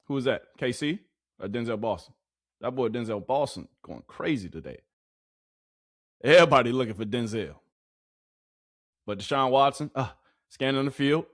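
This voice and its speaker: A young man giving casual live-stream commentary on football clips, animated and repetitive, full of slang and hype. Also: medium pitch, moderate pace, pauses often, no echo, clean studio sound.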